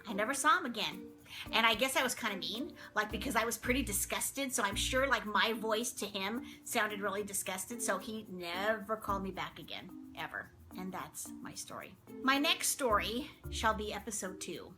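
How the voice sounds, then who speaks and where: A middle-aged woman telling a story to camera in a chatty, animated way, full of exclamations and acted-out voices. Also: mid-range voice, normal speed, over music. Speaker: vlog host telling a story.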